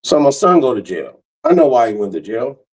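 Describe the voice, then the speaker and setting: A middle-aged man doing stand-up comedy, telling stories in a brash, profane way with big swings in pitch. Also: sing-song, brisk, distant mic, background noise.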